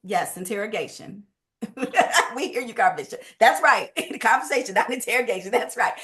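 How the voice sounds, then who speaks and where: A woman giving a lively, emphatic sales training talk, with speech and a quick habitual pace. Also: medium pitch, a loud crowd.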